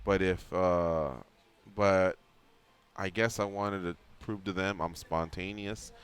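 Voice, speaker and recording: Smooth-voiced man telling a story. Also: sits low, slow. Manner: animated storyteller acting out quotes. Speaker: radio show host. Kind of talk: casual radio chat. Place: radio studio.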